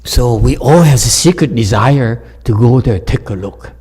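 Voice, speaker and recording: A man's voice: medium pitch, animated, moderate pace, darkish tone, slightly rough. A man, a Buddhist meditation teacher, giving an informal dharma talk, telling stories with jokes and frequent laughter and talking straight to his listeners. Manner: jokey, laughs often, talks straight to listeners.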